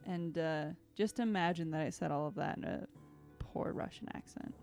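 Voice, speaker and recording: A woman's voice: low voice, normal speed, gravelly, darkish tone, soft background music. A woman playing a tabletop game, giggly and hesitant as she talks through her turn. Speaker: player. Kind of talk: casual tabletop game play.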